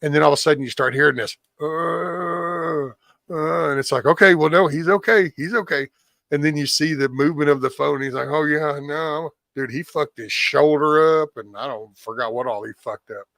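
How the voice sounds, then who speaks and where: A gravelly-voiced man with a drawl hosts a live stream chat, spinning rowdy stories and putting on voices for the people in them. His speech is loose and peppered with cursing. The recording is close and dry. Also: on the high side, fairly quick, few pauses, no echo. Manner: animated storyteller, acts out quotes, swears freely. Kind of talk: casual storytelling chat.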